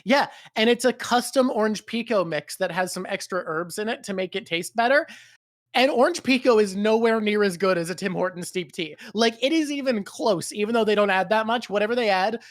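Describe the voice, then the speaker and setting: A man's voice: sits high, a little fast, no echo, clean studio sound. A man hosting a live stream, chatting casually, swearing freely and laughing often. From Canada. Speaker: streamer and show host.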